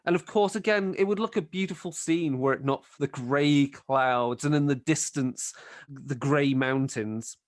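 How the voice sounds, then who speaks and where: A man's voice: a little high, measured pace, no echo, studio quality. Man rambling as game master. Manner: rambling descriptive narration with fillers. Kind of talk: narrating a tabletop game.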